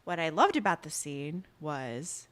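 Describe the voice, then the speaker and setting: Speaking a little slowly in a deep voice, this woman co-hosts a podcast and recaps a drama over casual conversation. Her storytelling is animated, and she performs the characters' lines herself.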